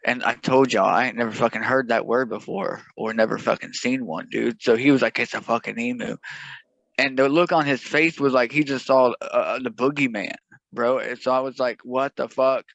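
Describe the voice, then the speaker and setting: A man's voice: mid-range voice, a little fast, gravelly, fairly bright tone, no room sound, highs cut off. A young man telling a rambling, profane, jokey story in a casual podcast chat.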